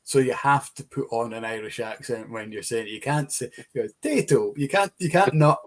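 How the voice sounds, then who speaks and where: A man's voice: mid-range voice, brisk. Jokey man co-hosting. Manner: jokey, playful banter. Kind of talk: casual live-stream chat.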